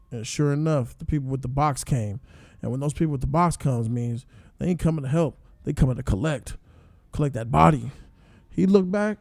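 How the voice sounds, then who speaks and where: A man giving a casual spoiler review, excitable and profane, breaking into loud outbursts. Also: a little high, vocal fry, no room sound. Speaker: show reviewer.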